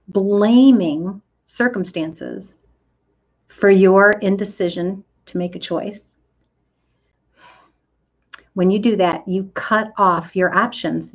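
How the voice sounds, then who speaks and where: A woman's voice: medium pitch, dull audio. A middle-aged woman giving a motivational coaching talk, stressing words and acting out quoted complaints. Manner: emphatic, drawn-out stresses, acts out quoted complaints.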